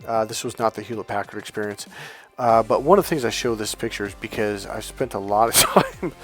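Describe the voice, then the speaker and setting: A man's voice: fairly low pitch, fairly quick, faint music behind. A man, a dating coach, telling a rambling personal story in a casual way, swearing freely and correcting himself as he goes. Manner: rambling, self-correcting, swears casually, acts out past dialogue.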